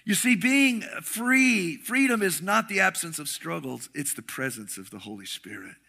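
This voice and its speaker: A middle-aged man preaching a sermon with passion, swinging between shouting and hushed tones. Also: high voice, lively intonation, normal speed, creaky. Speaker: pastor.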